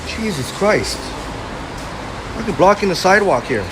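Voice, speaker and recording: A man's voice: sits high, big pitch swings, moderate pace. A blunt, self-described hothead man chatting with viewers while live-streaming a walk on a city sidewalk. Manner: chatty, reads out and answers chat. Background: faint street traffic.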